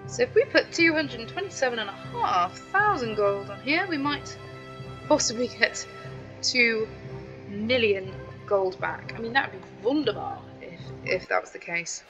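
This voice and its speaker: A woman's voice: a little high, very animated, measured pace, highs cut off, over music. A woman hosting a gaming channel, chatting casually to her viewers as she plays. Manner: chatty, talks straight to viewers. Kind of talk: casual gameplay commentary.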